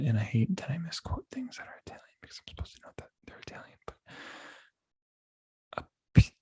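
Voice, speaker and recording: A young man hosting a podcast, rambling through animated stories full of restarts. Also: medium pitch. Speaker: podcast host. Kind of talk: casual chat.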